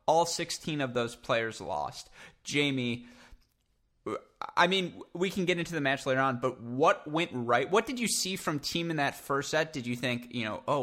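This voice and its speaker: A man's voice: medium pitch, pushed and bright. A man hosting a casual tennis podcast, joking with co-hosts and leading the talk with questions. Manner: joking, leads the discussion with questions. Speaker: podcast host. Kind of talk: casual sports podcast chat.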